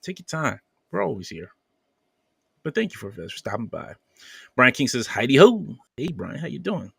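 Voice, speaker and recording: A man's voice: medium pitch, very animated, normal speed, gravelly, fairly bright tone, slightly rough, no room sound, studio quality. A man hosting a podcast, casually reading viewer comments aloud with playful banter and frequent laughter. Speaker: podcast host.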